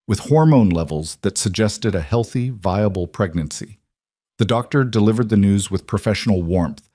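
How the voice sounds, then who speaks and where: Low-voiced male story narrator. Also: dry recording, clean studio sound. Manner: even, measured storytelling. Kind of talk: scripted audiobook narration.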